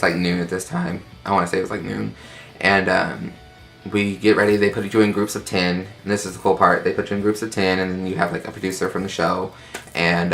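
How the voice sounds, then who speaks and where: Sassy man with a gravelly low voice. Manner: animated, sassy, acts out quotes in high voices. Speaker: vlogger telling a story. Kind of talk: casual storytime chat.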